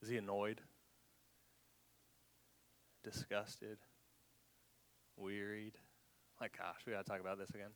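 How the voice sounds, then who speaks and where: A man's voice: fairly low pitch, level tone, measured pace, pauses often, a bit bright, clean tone. A male pastor preaching a sermon, often repeating words as he searches for them and dropping to a whisper. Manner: stumbling repeats, dramatic drops to a whisper.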